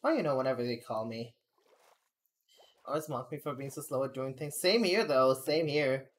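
A woman's voice: very deep voice, normal speed. A young adult woman streaming, chatting casually and venting candidly, rambling with frequent laughs. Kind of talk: casual live-stream chat.

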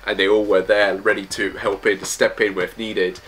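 A man's voice: on the low side, flat delivery, moderate pace, fairly bright tone, husky. A man reviewing manga chapters in casual commentary, reading panels aloud in loose, slangy phrasing.

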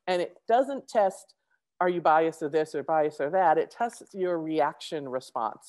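Fast-talking woman presenter, low voice. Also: darkish tone. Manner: fast-talking, many restarts and fillers. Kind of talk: conference presentation.

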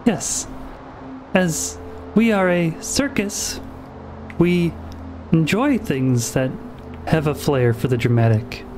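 A man's voice: on the high side, takes it slowly, pauses often, over music. A man speaking in character in a tabletop game, polite and dry, sometimes correcting his own words. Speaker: player. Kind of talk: casual in-character play.

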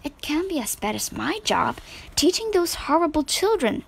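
A woman's voice: sits high, sing-song, normal speed, creaky, voice pushed up, full character voice. A woman voicing a fussy, complaining young older sister in a storybook reading. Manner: complaining, snappish.

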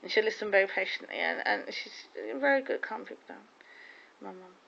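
A woman's voice: medium pitch, animated, quick pace, gravelly, fairly bright tone. A woman in casual chat, telling rambling, gossipy stories full of restarts. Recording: dull lo-fi recording.

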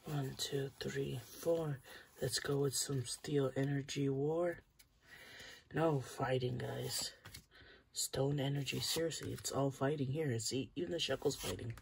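A channel host giving casual commentary while opening trading cards, chatty and talking straight to the viewers, with bursts of excitement over good pulls. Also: mid-range voice, gravelly, slight background noise.

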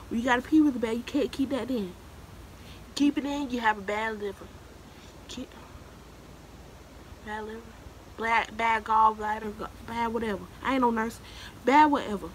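A woman's voice: medium pitch, a little hiss or hum, low-quality recording. A young woman in her late teens giving casual, emphatic advice to the camera, repeating herself for emphasis and calling the listener "baby". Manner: emphatic and preachy, keeps calling the viewer "baby". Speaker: vlogger giving advice to new students.

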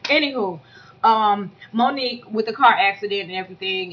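A woman giving blunt, profane, animated commentary on a reality show in a casual vlog. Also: medium pitch, fairly quick, slight background noise. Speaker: YouTube commentator reviewing a reality show reunion. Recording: dull lo-fi audio.

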